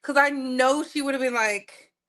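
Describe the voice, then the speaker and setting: A woman's voice: high voice, moderate pace, a bit bright. A woman hosting a casual live stream, chatting playfully with viewers and repeating her phrases. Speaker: livestream host.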